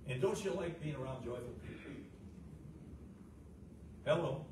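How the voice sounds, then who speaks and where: A middle-aged man preaching a folksy, fervent sermon as pastor, swinging from loud, high peaks down to a low, quiet voice, with frequent "uh" fillers. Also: unhurried, far from the mic. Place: church sanctuary. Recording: roomy church sound from off the mic, noisy.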